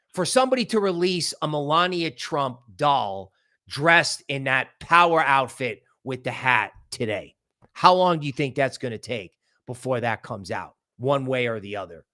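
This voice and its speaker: A man hosting a crypto livestream, giving market commentary in an excitable, rambling way and thinking aloud as he goes. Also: medium pitch, dry recording, clean studio sound. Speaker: crypto channel host.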